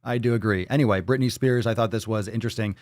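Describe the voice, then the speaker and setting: A man hosts a casual live stream with a fairly low voice, loose and profane, joking as he reads comments aloud. The sound is close and dry, with no room around him. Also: quick pace, darkish tone, dry recording. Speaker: livestream host reading chat. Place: Florida.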